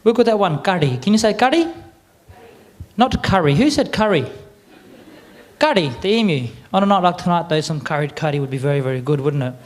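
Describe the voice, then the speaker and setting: An Australian man presenting to a live audience, chatty and a little croaky, getting the crowd to repeat words back. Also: a little high, expressive, quick pace. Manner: chatty, quizzes the crowd with call-and-response. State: a bit croaky. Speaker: cultural presenter. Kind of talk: lively audience address.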